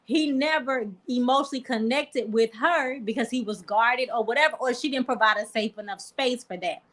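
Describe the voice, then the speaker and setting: A woman's voice: on the high side, normal speed, fairly bright tone. Earnest woman sharing her view. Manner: earnest, reflective. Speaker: panelist. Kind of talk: casual panel discussion.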